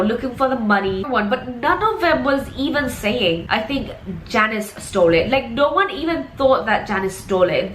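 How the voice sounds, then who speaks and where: A young woman retells a true crime case in a loose, chatty way, leaning on filler words as she goes. Her voice sits a little high. It rings in a roomy, echoey space with faint background noise. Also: fairly bright tone. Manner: chatty, full of "like" and "so basically" fillers. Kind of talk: casual storytelling. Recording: echoey room.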